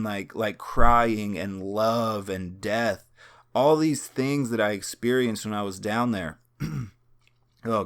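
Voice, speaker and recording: A young man telling a personal story in a casual, rambling way, full of fillers and swearing, searching earnestly for words. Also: on the low side. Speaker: vlogger.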